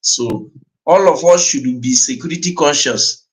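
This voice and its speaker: A man's voice: on the high side, unhurried, low-quality recording. A man with a Nigerian accent commenting on a clip in an earnest way, repeating himself and slipping in Igbo. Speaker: livestream host.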